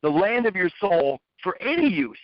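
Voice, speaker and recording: A man's voice: sits high, sing-song, moderate pace, no room sound. A man giving a lecturing monologue, posing rhetorical questions and repeating his phrases for emphasis. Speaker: speaker. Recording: dull, dry lo-fi recording.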